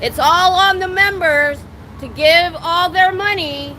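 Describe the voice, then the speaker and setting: A woman protesting outdoors near a building's door, projecting her voice loudly in an indignant, challenging drill-sergeant manner while livestreaming on a phone. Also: very high-pitched, slow, a little hiss or hum. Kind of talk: loud street protest speech.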